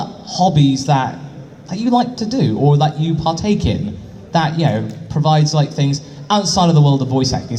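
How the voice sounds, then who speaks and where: A man's voice: on the high side, a little mellow, a little hiss or hum. A man hosting a convention panel, asking long, rambling questions full of filler words. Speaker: panel host.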